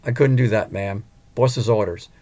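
A man voicing a calm, loyal chauffeur. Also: on the low side, normal speed, natural voice. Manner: calm, polite and steady.

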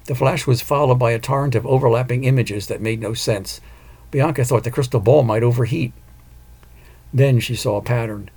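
Gravelly male audiobook narrator. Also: medium pitch. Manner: even, measured storytelling. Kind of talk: scripted narration.

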